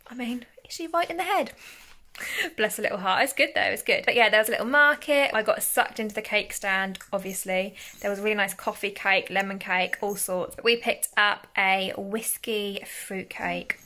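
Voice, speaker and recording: A woman's voice: mid-range voice, normal speed, bright, forceful tone. A young mother chatting casually in a family vlog, giggly and talkative. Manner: chatty, giggly, sing-song with children. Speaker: vlogger mother.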